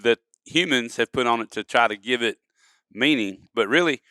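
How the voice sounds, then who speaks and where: A man's voice: medium pitch, normal speed, sharp tone, clear, resonant tone, dry recording, clean studio sound. A man, a podcast guest, telling folksy stories and acting out examples in casual conversation. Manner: folksy storyteller, acts out examples. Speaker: guest, duck-calling expert. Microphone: studio podcast mic.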